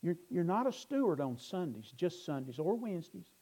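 A man's voice: high voice, very animated, moderate pace, dark tone, poor audio. A male pastor preaching a sermon earnestly, building to emphatic bursts and restarting words as he goes.

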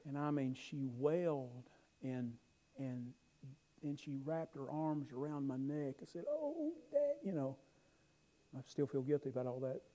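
A middle-aged man preaching a sermon, telling stories with emphatic rises and quiet asides. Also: medium pitch, steady tone, unhurried, low-quality recording. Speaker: pastor.

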